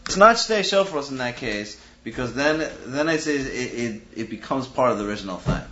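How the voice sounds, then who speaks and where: A man's voice: mid-range voice, lively intonation, normal speed, bright, forceful tone. A man giving a Talmudic lecture, reasoning aloud analytically and restarting phrases as he works through the logic. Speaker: Talmud teacher. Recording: dull lo-fi recording with faint hiss.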